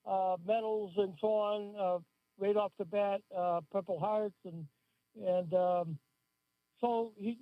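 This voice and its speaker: A man calling in to a radio show, speaking plainly and hesitantly with many pauses. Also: sits high, dry recording. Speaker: caller. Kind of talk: casual call-in radio chat. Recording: tinny phone line.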